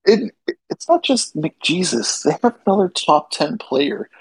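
A man's voice: high voice, very animated, unhurried, creaky, husky, no echo, poor audio. A man co-hosting a casual sports podcast, opinionated and teasing his co-host.

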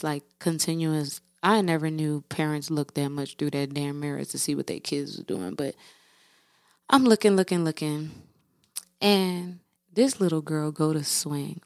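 A woman's voice: deep voice, dry recording, studio quality. A woman podcast host telling a candid, profane story in casual monologue, talking to her listeners as "y'all".

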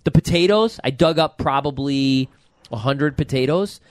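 Man, forties, podcast host, excitable, rambling, mid-pitched, dry sound. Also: moderate pace, no room sound. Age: 40s. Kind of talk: casual chat.

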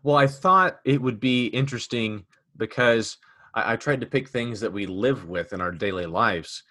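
A man's voice: medium pitch, normal speed, sharp tone, no echo, studio quality. A man hosting a casual podcast chat, joking and rambling with many restarts. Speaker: podcast host.

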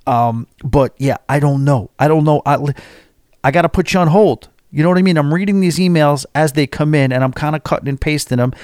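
Guy rambling on his podcast, middle pitch, dead dry close mic. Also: a little mellow, dry recording. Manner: chatty and self-deprecating, with restarts. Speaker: podcast host. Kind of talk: casual podcast talk, reading listener emails.

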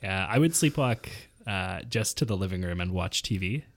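A man hosts a relaxed podcast chat with a lively, swinging delivery. He jokes around easily and moves briskly through the housekeeping. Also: low-pitched, gravelly. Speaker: podcast host. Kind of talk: casual chat.

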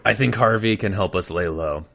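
A man playing a tabletop role-playing game, arguing a plan with his fellow players in an animated, earnest way. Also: lowish voice, moderate pace, vocal fry.

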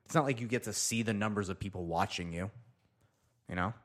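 Man, young adult, deep low voice, casual solo host, rambling, thinks out loud. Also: fairly quick. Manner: loose, rambling, talks to himself while reading. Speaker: podcast host.

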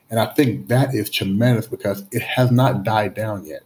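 Earnest man with halting restarts. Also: fairly low pitch, darkish tone. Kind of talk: conversational discussion.

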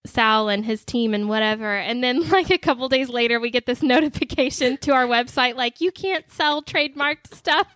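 A young woman co-hosting a podcast in casual chat, rambling in a relaxed way as she tells her stories. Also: on the high side, brisk, few pauses, no room sound, studio quality. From outside the state where she lives now. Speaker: podcast co-host.

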